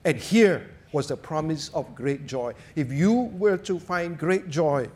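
A man preaching a sermon, telling stories and jokes in an animated way. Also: on the high side, takes it slowly, husky.

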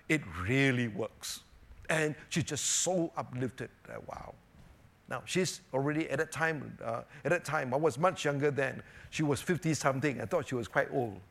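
A man preaching a sermon as pastor, animated, moving between emphatic raised lines and quiet asides, often checking in with "you know" and "right?". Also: medium pitch, moderate pace, gravelly. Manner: frequent "you know" and "right?" tag questions.

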